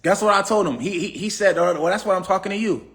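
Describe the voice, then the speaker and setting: Brief: high-pitched man, AAVE, preachy livestream motivational speaker, repeats himself. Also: fast talker, a bit bright. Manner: preachy, repetitive, asks the audience questions. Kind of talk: casual motivational talk.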